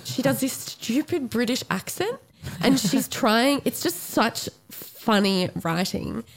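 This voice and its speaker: A woman's voice: a little high, sing-song, slow pace, rough recording. Giggly woman chatting about films. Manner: bubbly, giggly, lots of fillers. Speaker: podcast co-host. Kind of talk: casual film review chat.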